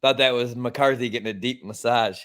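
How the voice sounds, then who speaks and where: A man's voice: medium pitch, steady tone, normal speed, fairly bright tone. A man co-hosting a casual sports-picks podcast, ranting in a heated way and swearing freely as he argues his picks. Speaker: podcast co-host.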